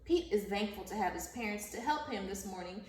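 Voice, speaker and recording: A woman teacher giving a vocabulary lesson and reading a story aloud to children, speaking slowly and enunciating carefully, repeating words. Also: mid-range voice, animated, darkish tone. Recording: roomy, echoey sound from a distance off the mic.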